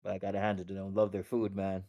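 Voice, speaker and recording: A man hosts a live stream in relaxed, chatty talk. His voice sits a little low, and he restarts his phrases often and laughs easily. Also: quick pace. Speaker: live stream host and chart analyst. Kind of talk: casual chat.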